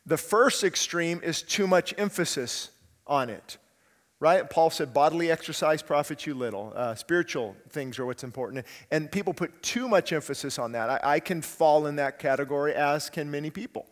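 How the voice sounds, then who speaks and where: A man preaching in a church hall, his fairly high voice carrying a long reverb tail. He speaks as a pastor in an earnest, conversational way, often putting rhetorical questions to the congregation. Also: expressive, moderate pace. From California, USA. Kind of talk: sermon. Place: church sanctuary.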